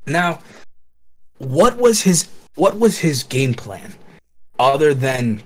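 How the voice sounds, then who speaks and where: A man co-hosting a casual podcast, excitable, swearing and stumbling over his words. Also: a little high, slow pace. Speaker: podcast co-host. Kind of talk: casual chat.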